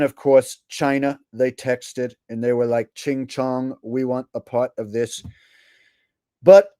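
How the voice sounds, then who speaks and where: A boastful older politician, as a man puts him on, pitching big promises over and over. He talks in a bragging, salesy rhythm at a middling pitch. The recording is dry and close. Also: warm tone, clean tone, no echo, close to an everyday voice. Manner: bragging, repetitive salesman patter.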